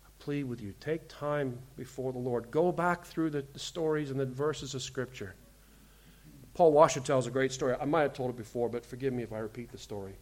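A pastor preaching a sermon, telling a story and earnestly pleading with the listeners, building up to forceful emphasis. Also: male voice, medium pitch, brisk. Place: church.

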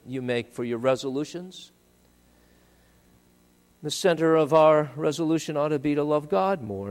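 A male pastor preaching a sermon, swinging between loud, emphatic passages and quiet, low asides. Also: in a large hall.

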